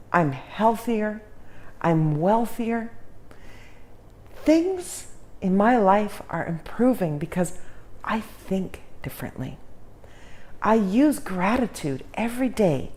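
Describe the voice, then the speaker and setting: Slow, lively-voiced motivational woman. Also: mid-range voice. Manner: earnest, encouraging, folksy. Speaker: self-help teacher. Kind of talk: informal motivational lesson.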